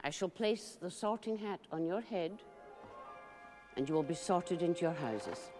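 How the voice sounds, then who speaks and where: A stern, strict professor. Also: female voice, lowish voice, expressive. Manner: crisp, formal, measured address. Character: stern older woman professor, strict and formal. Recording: film clip with score, reverberant hall. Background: orchestral music.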